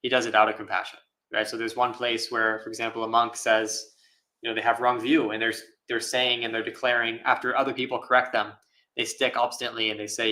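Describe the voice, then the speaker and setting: Through poor-quality audio, a monk with a bright, clear, mid-range voice holds a casual live question-and-answer talk. He answers with care, laughs often and scatters fillers throughout.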